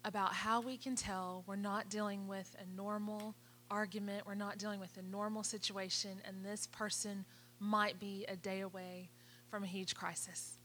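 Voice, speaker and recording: A woman's voice: medium pitch, flat delivery, normal speed, a bit bright, slight background noise. Serious woman asking a question. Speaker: audience member asking a question.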